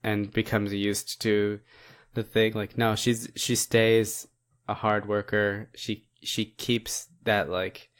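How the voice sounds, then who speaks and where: A man's voice: lowish voice, level tone, slow, clean tone. Rambling, laughing man. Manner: rambling, filler-heavy, laughing often. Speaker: podcast co-host. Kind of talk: casual chat.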